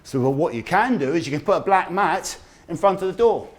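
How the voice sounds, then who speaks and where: Lively man giving a talk. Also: high voice, brisk. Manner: animated storyteller, acts out quoted voices. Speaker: dementia awareness speaker. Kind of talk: lively public health talk. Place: community event room.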